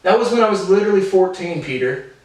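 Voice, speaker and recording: A man in his twenties giving a rambling, profane personal monologue to camera, jumping between animated tangents. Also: sits high, quick pace. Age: 20s. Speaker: vlogger. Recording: very echoey room, voice far from mic.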